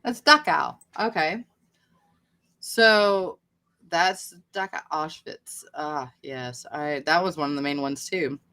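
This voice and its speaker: A woman's voice: sits low, takes it slowly, sharp tone. A woman chatting casually on a livestream, rambling and poking fun at herself. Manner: rambling, chatty, self-deprecating. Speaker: livestream host.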